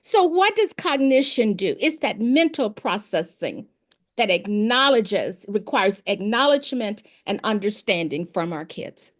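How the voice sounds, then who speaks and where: A woman's voice: mid-range voice, measured pace. A woman, a former principal and education expert, telling classroom stories in an informal interview and acting out the dialogue. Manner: animated, acts out dialogue in her anecdotes.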